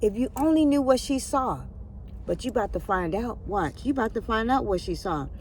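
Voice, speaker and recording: A woman retelling a Bible story in a casual, chatty way, with lively asides to her listeners. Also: a little high, fairly quick, slight background noise. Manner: animated, chatty asides to the audience.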